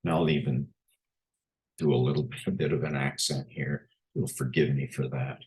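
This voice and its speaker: A man giving an unhurried presentation with pictures, often pausing on filler sounds. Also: very deep voice, fairly even intonation, darkish tone.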